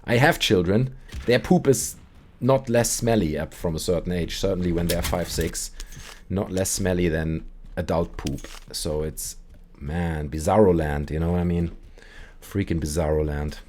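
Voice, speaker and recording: A man with a low voice and a measured pace hosts a casual gaming stream, telling rambling, animated stories and doing voices when quoting people. He's a streamer and call-in show host, and the recording carries a little hiss or hum.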